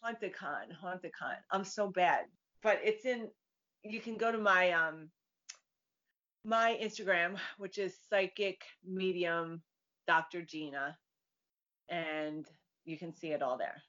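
Speaking slowly in a lowish, fairly bright voice, a woman psychic medium chats casually as an interview guest, a storyteller who acts out the voices she quotes. It's recorded with dull, lo-fi sound.

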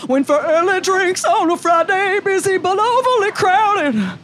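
A woman's voice: extremely high pitch, animated, a little slow, a bit bright, slight background noise, voice pushed up, full character voice. A woman singing a review as a campy impression of a famous pop diva. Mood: campy sung. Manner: sung to a pop melody, campy.

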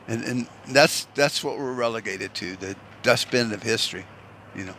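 Here a man from the United States rants in a mid-range voice that sounds pushed and bright, speaking at a moderate pace. His monologue is heated, rambling, and full of profanity, with frequent restarts, over slight background noise.

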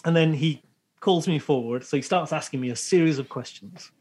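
Husky man telling a lively story. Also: a little high, fairly quick. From England. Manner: animated anecdote with acted-out voices. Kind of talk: casual storytelling.

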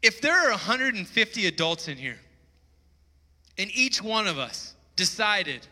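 A pastor preaching a sermon to his church, excitable and getting loud when he is stirred up. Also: sits high, moderate pace. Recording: preaching in a reverberant church hall.

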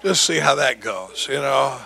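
A man's voice: medium pitch, animated, unhurried, vocal fry, sharp tone. An older man giving a folksy, joking talk at a recovery meeting, acting out the voices of people he quotes. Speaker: recovery speaker.

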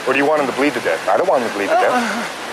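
An actor playing a calm, mocking, unhinged man who taunts a bound captive, heard in film audio over loud rain. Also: medium pitch, racing, very noisy. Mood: coldly mocking.

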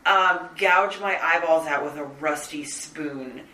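A woman's voice: low voice, slow pace, sharp tone, distant mic. A woman co-hosting a casual podcast chat, ranting with heavy swearing and bursts of laughter. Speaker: podcast co-host. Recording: roomy, from off-mic.

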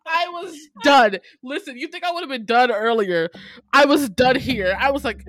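A woman's voice: on the high side, normal speed, no room sound, clean studio sound. A young woman hosting a casual movie talk, retelling scenes with lots of laughter and playful character voices. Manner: animated storytelling, laughing, voicing characters. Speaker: podcast host.

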